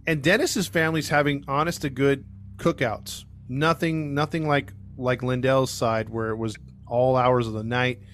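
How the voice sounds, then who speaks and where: There's slight background noise as a podcast host with a medium-pitched, fairly bright voice narrates a true crime case at normal speed in a steady tone. His telling is rambling, heavy on fillers and restarts, and he performs the quotes as he retells it.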